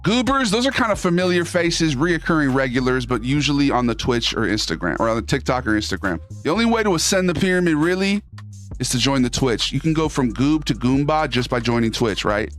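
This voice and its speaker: Male streamer, middle voice, casual chat with quick put-on voices, soft music under. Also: medium pitch. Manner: loose, animated, jumps into quick silly voices.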